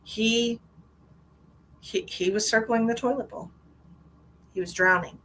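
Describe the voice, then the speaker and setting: A woman giving a live-streamed psychic reading in a chatty, animated way, with many restarts and a lot of "like". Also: fairly high pitch, unhurried, long pauses, slight background noise, poor audio. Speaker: psychic medium.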